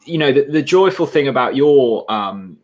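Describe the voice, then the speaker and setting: A man hosts a relaxed fan chat with an eager tone. He often trips and restarts mid-sentence as his thoughts run ahead. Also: medium pitch, normal speed. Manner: enthusiastic, stumbling restarts. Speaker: host. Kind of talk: casual chat.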